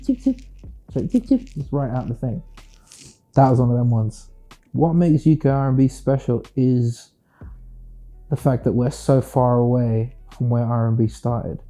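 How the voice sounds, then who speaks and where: A British singer-songwriter speaking in a casual interview, reflective and playful, often slipping into quoted voices. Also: male voice, mid-range voice, warm tone. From United Kingdom.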